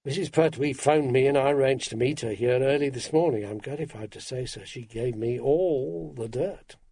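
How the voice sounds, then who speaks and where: A man voicing an older barrister's clerk, quiet, shrewd and deferential. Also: medium pitch, moderate pace, breathy edge, dry recording, clean studio sound.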